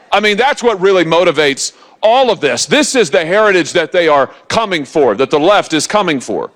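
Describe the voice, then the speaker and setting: A man's voice: on the high side, a bit bright. A man in his forties, a senator giving a political rally speech to a live audience, emphatic and rousing, with lots of repetition.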